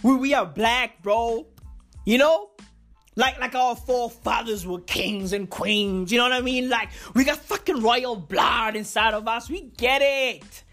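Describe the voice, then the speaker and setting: Slow-talking woman on a profane comic rant. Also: fairly high pitch, a bit bright, faint music behind. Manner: profane slangy rant, repeats lines for effect. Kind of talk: comedic rant.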